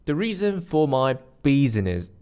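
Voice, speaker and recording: A man's voice: medium pitch, very animated, moderate pace, a little mellow, clear, resonant tone. Playful male podcast host from Malaysia. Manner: playful, self-mocking, with pronunciation drills. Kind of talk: scripted solo podcast.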